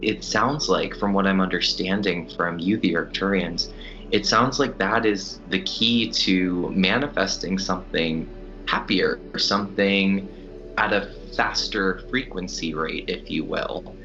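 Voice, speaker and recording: A man's voice: sits low, unhurried, pushed and bright, lo-fi sound, faint music behind. A man talking earnestly and reflectively in a casual spiritual conversation.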